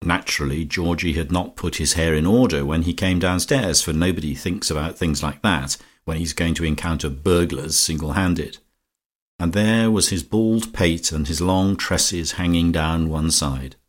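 A man reading a comic novel aloud as an audiobook narrator, in a measured, dry manner. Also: deep voice. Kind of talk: scripted narration.

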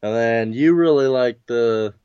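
A man's voice: medium pitch, measured pace, mellow, clean tone, no echo. A young man in casual chat, teasing his friend with profane banter. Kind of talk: casual chat about TV and comics. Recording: dry, dull lo-fi sound.

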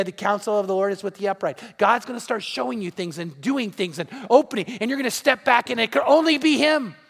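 A man preaching a sermon as a pastor, emphatic and animated, often asking the congregation questions. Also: high voice, vocal fry, long reverb tail. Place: large church.

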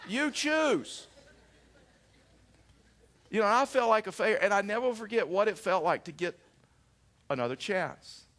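A middle-aged male pastor preaching a sermon, telling a personal story in an animated way with frequent restarts. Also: high-pitched, brisk.

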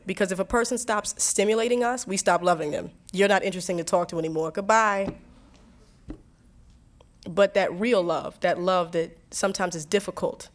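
A woman from New Jersey, a singer and songwriter being interviewed, telling stories earnestly with frequent restarts and laughs. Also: on the low side. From New Jersey, USA. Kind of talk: reflective conversational storytelling.

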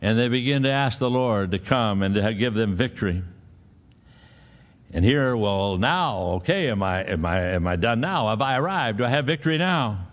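A man's voice: lowish voice, animated, normal speed. A male pastor preaching a sermon, telling a folksy personal story and then pressing his point with emphatic exhortation.

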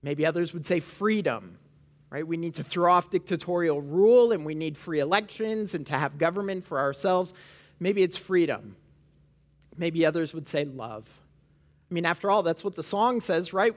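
A woman's voice: on the low side, expressive, moderate pace. A woman from Canada, preaching a sermon in church on a microphone, talking conversationally and often checking in with "right?". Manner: conversational, frequent "right?" asides to the congregation. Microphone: amplified microphone.

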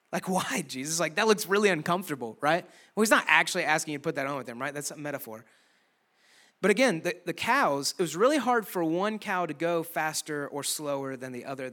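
Bright-voiced youth pastor preaching casually. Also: male voice, on the high side. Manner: casual, conversational preaching with humor. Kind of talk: youth sermon. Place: church room with a youth audience.

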